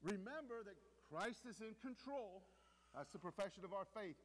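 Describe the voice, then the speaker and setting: A man preaching a sermon, swinging between loud emphatic lines and quiet hushed ones. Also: high voice, animated, normal speed. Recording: long reverb of a hall.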